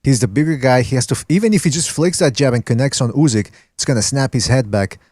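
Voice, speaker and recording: A man's voice: mid-range voice, fast talker, a little mellow, no echo. A man hosts a loose podcast chat in a mid-range voice. He talks in an easygoing, joking way. The sound is dry and close. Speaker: podcast host. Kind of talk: casual boxing podcast chat.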